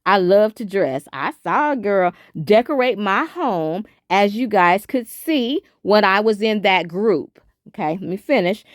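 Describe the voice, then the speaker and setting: A woman hosting a casual commentary stream, talking straight to her viewers and reading messages aloud into her phone. Her pitch leaps up and drops back down constantly, and she cusses freely. The sound is close and dry, with no room around it. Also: measured pace, no room sound. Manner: animated, cussing, talks to viewers as y'all. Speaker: commentary channel host.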